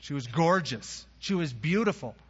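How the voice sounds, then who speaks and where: A man preaching a sermon, telling the story in a casual, lively way and acting out the characters' lines in everyday phrasing. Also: a little high, normal speed, breathy edge. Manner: storytelling, acts out biblical dialogue in casual modern phrasing. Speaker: pastor. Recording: dull sound, long hall reverb.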